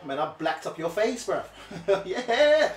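A young man reacting loudly while playing a fighting game, yelping and bantering in slang. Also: sits high, sing-song, takes it slowly. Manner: yelps and slangy banter with the officials. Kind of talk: excitable live gameplay reactions. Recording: echoey room, off-mic, game music.

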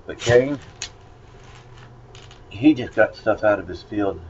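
A man's voice: fairly low pitch, normal speed, long pauses. A man giving a casual Bible lesson, rambling and conversational with many fillers. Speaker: Bible study teacher. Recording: dull lo-fi recording with faint noise.

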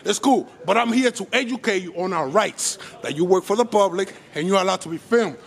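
A man with a high, gravelly voice talks fast and loud into a handheld camera on a city street. He is insistent and confrontational, swearing often as he films public workers. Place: outdoors on a city street by a post office.

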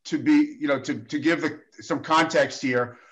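A man's voice: on the high side, moderate pace, fairly bright tone. A man, a state assemblyman, explaining a program on a panel video call, hesitant and full of "uh" fillers. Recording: dull lo-fi call audio.

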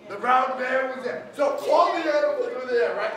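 A man in his sixties, a storyteller performing live for schoolchildren, animated and playful as he calls on the audience. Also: very high voice, normal speed, few pauses, a loud crowd. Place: elementary school hall. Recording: echoey hall from far off, noisy.

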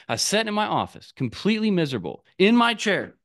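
A man's voice: high voice, very animated, quick pace, few pauses, a bit bright. A man giving a candid, casual motivational talk as an online business coach, cursing freely and acting out his past self.

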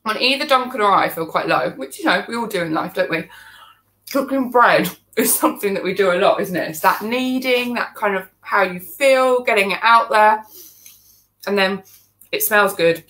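A woman's voice: mid-range voice, moderate pace, a bit bright, roomy sound. A woman, co-hosting a home cooking video in casual, rambling chat. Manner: chatty, giggly, rambling asides. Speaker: cooking show co-host. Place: home kitchen.

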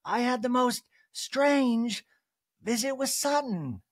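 A man's voice: very high-pitched, lively intonation, takes it slowly, dry recording, clean studio sound, voice pushed up, full character voice. A man voicing a snarky, agitated reality-TV wife who talks in a snippy, sarcastic way. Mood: chatty.

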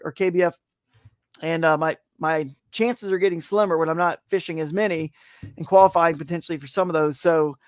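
High-voiced upbeat angler guest. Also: male voice, no room sound. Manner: rambling and upbeat, lots of "man" and "dude". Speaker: guest, tournament kayak angler. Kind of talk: casual live-show interview.

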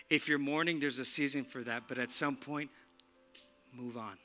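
A male pastor preaching in a church with a high, very bright, sharp voice. He talks casually and emphatically, drops slang and repeats words to press his points. Faint music plays in the background. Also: lively intonation, quick pace. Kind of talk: sermon.

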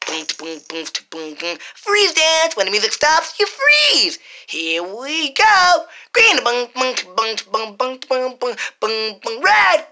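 A woman voicing a cheerful childlike toy tiger, with slow, bubbly, sing-song phrases for small children. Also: sits high, gravelly, sharp tone, heavily acted. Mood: playful.

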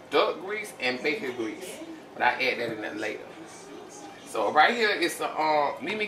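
A tired man hosting a casual cooking demonstration in his home kitchen, chatting folksily to viewers as y'all. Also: fairly high pitch. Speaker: home cook and channel host. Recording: echoey kitchen from a distance, noisy background.

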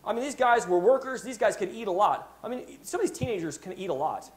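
High-voiced animated male preacher. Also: quick pace, slight background noise. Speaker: pastor. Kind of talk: sermon. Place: church.

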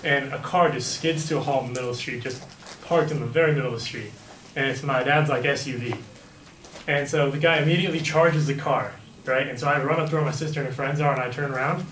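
A man's voice: medium pitch, steady tone, fast, a bit bright. A young man casually telling a personal story, rambling and filling his sentences with "like" and "right?". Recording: echoey room, mic at a distance, faint background hum.

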